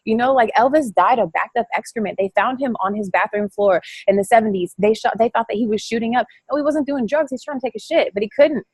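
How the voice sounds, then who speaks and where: A woman giving a chatty, excitable motivational talk to her coaching team over a call, rambling and quick to laugh. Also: a little high, breathy edge, no echo. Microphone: phone or call line.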